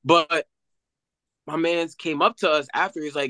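A young man, an athlete guest, telling a story in an animated casual way with many fillers. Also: fairly high pitch, a little slow, no room sound, rough recording.

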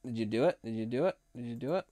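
A hoarse man hosting a casual live stream, chatting in a rambling way and laughing often. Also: mid-range voice, lively intonation, racing, mellow, dry recording. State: hoarse from long talking.

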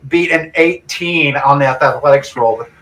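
Bright-voiced man running a tabletop game. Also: a little high, normal speed, a little hiss or hum. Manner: chatty, laughs often, thinks aloud over dice rolls. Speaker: game master. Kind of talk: narrating a tabletop game on a live stream.

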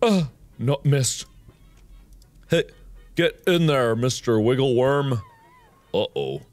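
A man hosting a gaming video, giving animated, jokey let's-play commentary that swings from squeaky to mumbled. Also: slow, soft background music.

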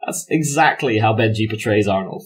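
A man's voice: fairly low pitch, moderate pace, breathy edge. A man running a tabletop game as game master, self-mocking and laughing often as he narrates.

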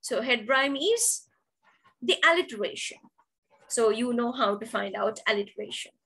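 A woman's voice: on the high side, expressive, moderate pace, vocal fry, pushed and bright, slightly rough, poor audio. A woman teacher giving an online poetry lesson, explaining terms step by step and repeating key words. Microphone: video call.

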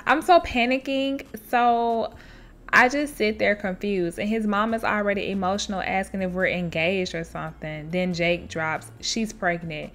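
A woman hosting a show where she reads online stories aloud and reacts to them in an expressive, chatty way, laughing often and talking straight to her listeners. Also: mid-range voice, normal speed, faint music behind. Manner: chatty, addresses listeners directly. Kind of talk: casual storytelling with commentary.

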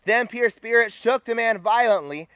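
High-voiced young man preaching. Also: moderate pace, no echo. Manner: energetic, rallying the crowd. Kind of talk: sermon. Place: campus retreat gathering.

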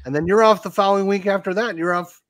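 A man hosting a casual live stream, chatty and quick to tease his co-host. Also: high voice, fairly even intonation, a bit bright, slight background noise.

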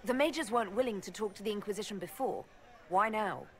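A woman's voice: mid-range voice, brisk, natural voice. An actress voicing a direct, questioning female protagonist in a video game. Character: earnest female heroine, the game's protagonist.

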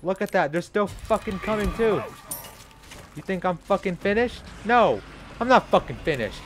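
A man doing live gameplay commentary as a streamer, profane and frustrated, breaking into loud shouts. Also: sits high, animated, moderate pace. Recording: noisy stream audio.

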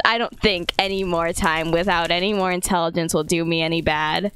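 A woman's voice: fairly low pitch, fairly even intonation, moderate pace, few pauses, a bit bright, clear, resonant tone, poor audio. A young woman giving casual, playful commentary while playing a game with a friend, laughing often and joking at her own expense. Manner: giggly, playful, self-mocking. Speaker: gamer.

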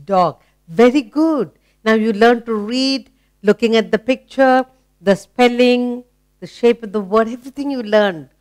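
A woman with an Indian English accent teaching children phonics, asking questions, praising and sounding out letters slowly. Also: a little high, a little mellow, no echo. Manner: asks questions and praises the listener.

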